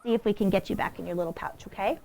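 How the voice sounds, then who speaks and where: A woman giving a lively talk about wild animals to a young audience, animated and often laughing as she speaks straight to the crowd. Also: mid-range voice, rapid-fire, creaky, slight background noise. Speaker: wildlife educator with animal ambassadors. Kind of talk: lively presentation to kids.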